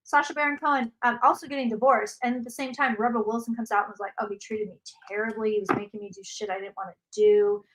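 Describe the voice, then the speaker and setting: A woman's voice: fairly high pitch, steady tone, quick pace, few pauses, noisy background. A woman hosting a casual psychic livestream from home, chatting loosely, repeating herself and answering viewer questions. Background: dog barking.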